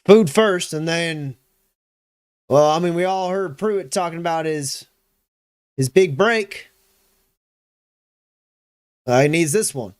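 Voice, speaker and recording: A man voicing a gruff male soldier who blusters and swears while pushing his bluff. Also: fairly high pitch, slow, long pauses, dry recording, studio quality. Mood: blustering.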